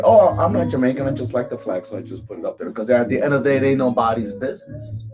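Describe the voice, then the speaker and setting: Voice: mid-range voice, huge pitch swings, fast, hardly any pauses, a little mellow, faint music behind. A spiritual coach from Cuba giving a live tarot reading, emphatic and chanting repeated phrases.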